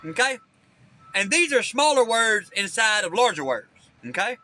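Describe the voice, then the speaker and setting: A man's voice: high voice, sing-song, normal speed, bright, forceful tone. A man recording himself on his phone, ranting angrily and profanely, repeating "okay?" over and over. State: angry. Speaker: self-recording vlogger. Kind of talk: angry rambling monologue to camera. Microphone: phone front camera.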